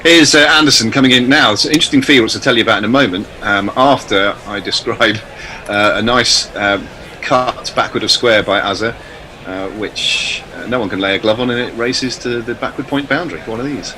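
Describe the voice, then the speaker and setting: A man giving chatty, measured ball-by-ball cricket commentary. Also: mid-range voice, rough recording. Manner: measured, chatty, self-deprecating.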